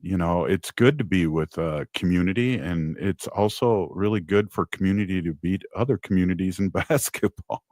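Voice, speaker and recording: A man hosting a radio show, chatting in a relaxed way with short affirming remarks. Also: deep voice, normal speed, hardly any pauses, dry recording. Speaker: radio host. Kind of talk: casual radio chat.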